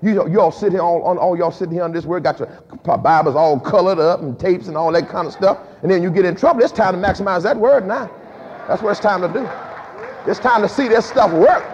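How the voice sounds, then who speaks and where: A man a sermon as pastor, lively and emphatic, with frequent repeated words and casual dialect. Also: high-pitched, brisk, a faint crowd, a little hiss or hum. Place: church sanctuary. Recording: dull lo-fi recording with long hall reverb.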